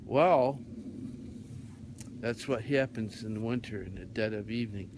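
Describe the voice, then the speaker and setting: A man's voice: on the low side, unhurried, background noise. A man hosting on radio, telling a rambling story in a meandering way with many fillers. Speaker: radio host.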